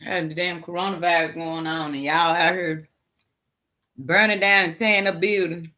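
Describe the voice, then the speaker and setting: A woman's voice: fairly low pitch, steady tone, moderate pace, pushed and bright. A woman vlogger in a heated, exasperated rant to the camera, often repeating herself as she talks. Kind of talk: impassioned direct-to-camera rant.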